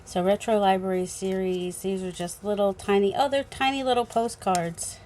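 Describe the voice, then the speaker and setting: A woman's voice: mid-range voice, fairly even intonation, moderate pace, darkish tone. A woman with a New England accent chatting casually as she unboxes craft supplies at home, thinking aloud, recorded on a phone. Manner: chatty, rambling, thinking aloud with many fillers. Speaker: crafting channel host.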